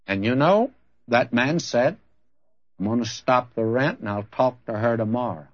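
A man's voice: mid-range voice, normal speed. A man preaching a sermon, telling a story and acting out both sides of a conversation before reading scripture aloud. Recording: dull lo-fi recording.

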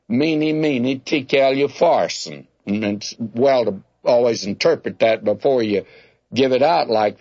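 A plainspoken man gives a folksy Bible sermon and addresses his listeners as friends. His voice sits at an ordinary middle pitch. The recording is dull and lo-fi. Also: darkish tone. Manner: folksy, tells homespun anecdotes. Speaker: Bible teacher. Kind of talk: radio Bible teaching sermon.

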